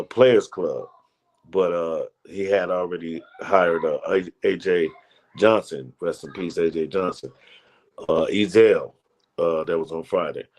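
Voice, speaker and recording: Brief: male comedian, lower voice, loose slangy storyteller. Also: a little mellow. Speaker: comedian guest. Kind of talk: casual storytelling interview.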